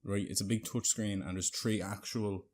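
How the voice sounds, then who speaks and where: A man's voice: on the low side, steady tone, normal speed, a little mellow, a little hiss or hum. A man telling a prank story casually, rambling and checking in with "right?" and a bit of swearing.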